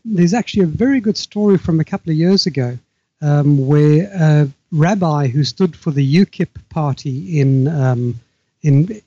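An older man from Africa, speaking as a guest author in a halting, measured way with frequent restarts. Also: on the high side, mellow, no echo, lo-fi sound. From South Africa. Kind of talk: remote interview conversation.

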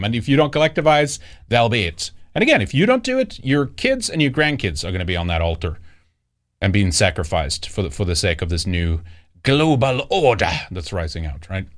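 Male host, lively pitch, loose rambling commentary. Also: fairly quick. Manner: rambling, animated, often mocking. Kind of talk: casual political commentary.

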